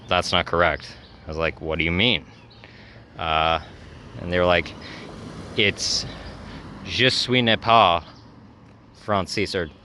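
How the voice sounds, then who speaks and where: A man's voice: low voice, pushed and bright, a little hiss or hum. A man talking casually in a travel vlog, rambling with lots of fillers and self-corrections. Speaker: travel vlogger.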